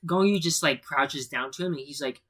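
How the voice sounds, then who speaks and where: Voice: medium pitch, fairly quick, a bit bright, husky. A young adult podcast co-host retelling a film in casual chat, rambling with many fillers.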